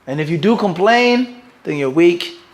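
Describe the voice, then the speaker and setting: Mufti guy teaching a class, kinda high voice, keeps going "what?" and "everybody understand this?". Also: measured pace. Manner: quizzes listeners with fill-in "what?" prompts; animated, mixes in Arabic terms. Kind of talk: religious lecture.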